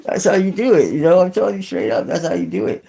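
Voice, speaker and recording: A middle-aged man chatting loosely to his viewers on a livestream, his voice sitting a little high for a man. He rambles and swears, circling back through "I mean" and restarts. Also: sing-song, quick pace, creaky, dark tone, slightly rough, rough recording. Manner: rambling and profane, many fillers and restarts. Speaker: channel host. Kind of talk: casual livestream chat with viewers.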